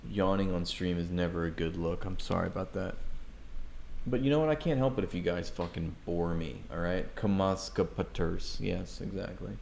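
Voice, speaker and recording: A man's voice: sits low, normal speed, vocal fry, a little mellow, slight background noise. A man reading news articles aloud on a livestream, breaking off with sarcastic, mocking asides to his chat.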